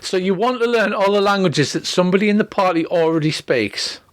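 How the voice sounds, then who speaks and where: A man's voice: high voice, a little fast, dry recording. Guy running a d&d game, laid back and jokey, lots of ums, dry close sound. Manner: relaxed, joking, many ums and restarts. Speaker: game master. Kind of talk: running a tabletop game over voice chat.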